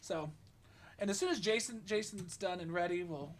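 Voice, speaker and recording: Chatty woman game master, halting. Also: on the low side. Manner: chatty, laughs often, halting with many fillers. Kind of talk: casual chat and game narration.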